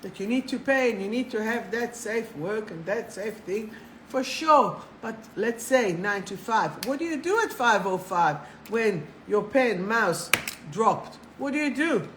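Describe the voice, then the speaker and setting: A woman hosting a live spiritual talk, chatty and animated, swearing casually and laughing at herself. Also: on the high side, unhurried, a little hiss or hum, rough recording. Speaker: spiritual coach and live show host.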